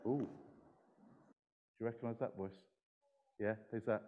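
A man gives a playful children's talk at a church service in a church hall, engaging his young audience with questions through a handheld microphone. His voice is fairly low and steady, a little slow, heard in a large hall with phone-quality sound.

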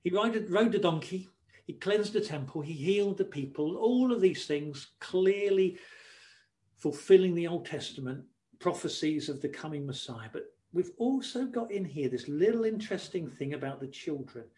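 A man preaching a sermon, expressive and varied, acting out quoted voices and shushing as he tells the story. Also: high-pitched, moderate pace.

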